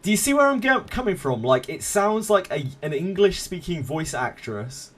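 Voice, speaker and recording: A man's voice: high voice, sing-song, normal speed, a bit bright. A man streaming a game live, chatting casually with viewers in a laid-back, self-mocking way and swearing freely.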